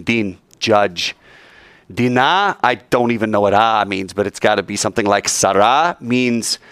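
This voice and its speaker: A male teacher telling a Bible story to a class in an animated, digressive way, acting out the characters. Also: mid-range voice, dry recording.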